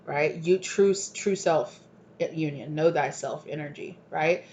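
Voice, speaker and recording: A woman with a low, darkish voice speaks slowly as she gives a channeled collective tarot reading, rambling and gushing and often asking "right?" The recording is dull and lo-fi, with a faint hiss.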